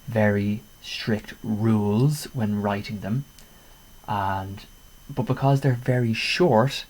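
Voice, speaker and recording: Male teacher, slightly low pitch, patient explainer who keeps asking "okay?". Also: a little mellow, slightly rough, rough recording. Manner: patient, repeats key points, frequent "okay?" checks. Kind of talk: classroom lesson explaining poetry. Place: home room by a window.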